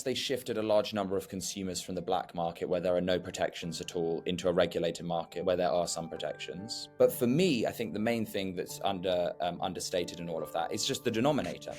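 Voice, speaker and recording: A man giving a measured, explanatory interview answer. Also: deep voice, darkish tone, soft background music. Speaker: interviewed expert.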